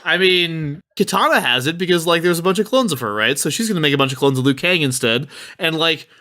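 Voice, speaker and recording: A man's voice: a little high, animated, fast, sharp tone. A man on a comedy podcast panel, making his case in a wry, rambling way with casual swearing. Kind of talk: comedic debate pitch.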